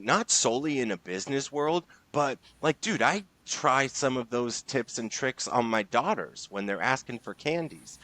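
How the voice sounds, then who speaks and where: An excited man speaks as a podcast guest, leaning hard on his words and dropping casual slang as he goes. His voice sits at a middle pitch. The recording is dry and close, with little room sound. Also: dry recording. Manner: enthusiastic, emphatic, casual slang. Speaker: guest, sales leader and author. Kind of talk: podcast interview.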